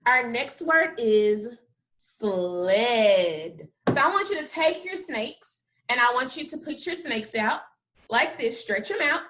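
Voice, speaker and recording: A woman teaching a kindergarten phonics lesson, sounding out letters slowly and praising often. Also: a little high, lively intonation, noisy background. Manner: slow, drawn-out sounding of letters with frequent praise. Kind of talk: phonics lesson for young children.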